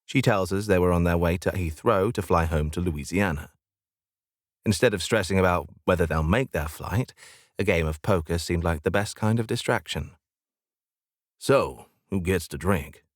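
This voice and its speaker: Male audiobook narrator, very low voice, dry close recording, steady and wry. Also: normal speed, dry recording. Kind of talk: first-person audiobook narration.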